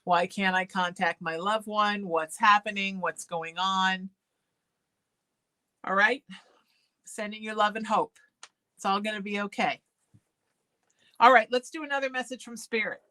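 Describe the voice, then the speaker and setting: A woman's voice: mid-range voice, measured pace, pauses often. A woman hosting a psychic call-in show, soothing callers and calling them sweetie. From Irish heritage. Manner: warm, soothing, calls people sweetie. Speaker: psychic medium show host. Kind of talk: call-in spiritual talk show.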